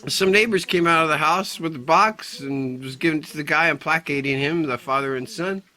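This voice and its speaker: A man's voice: fairly high pitch, normal speed, bright, forceful tone. A middle-aged man recounting a confrontation in a personal vlog, agitated and swearing often as he retells it. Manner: agitated, profane storytelling. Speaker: vlogger.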